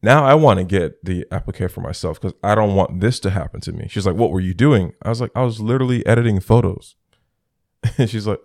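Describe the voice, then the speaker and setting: A young man with a low, gravelly voice tells stories in loose, casual chat. He jumps into the voices of the people he talks about. The sound is close and dry, with no room around it. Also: normal speed, no echo. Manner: animated storyteller, acts out both sides of phone calls.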